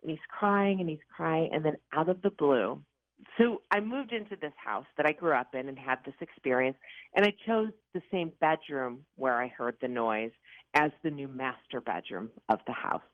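A woman in her fifties from the Chicago area recounts her ghost encounters with lively drama and self-mocking humor. Her voice comes through a thin, phone-like line with no room sound at all. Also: sits low, normal speed, no room sound. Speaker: paranormal investigator guest. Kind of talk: animated storytelling interview. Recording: tinny phone-like line, dry.

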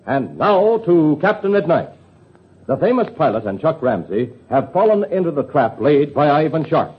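A man's voice: a little high, breathy edge. A male radio announcer addressing young listeners in a chummy, upbeat 1940s style. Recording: lo-fi old radio recording.

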